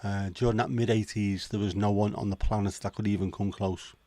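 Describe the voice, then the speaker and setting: He's a livestream host from Liverpool, England, keeping a casual chat going with viewers through jokes, swearing and asides. His fairly low, warm voice has a flat delivery and moves a little fast. The recording is dry.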